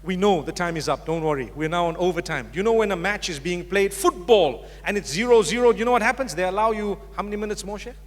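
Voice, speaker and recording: High-voiced man preaching in a hall. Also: fast, few pauses. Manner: direct, humorous, addresses audience. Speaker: Islamic preacher. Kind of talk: public religious lecture. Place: lecture hall with live audience. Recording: long hall reverb from a lecture hall.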